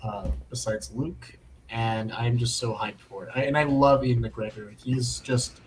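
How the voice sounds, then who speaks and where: A man's voice: mid-range voice, steady tone, a little slow, a little hiss or hum, low-quality recording. A man co-hosting a movie talk show, earnest and hesitant in casual chat. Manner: earnest, hesitant, many fillers. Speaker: podcast co-host.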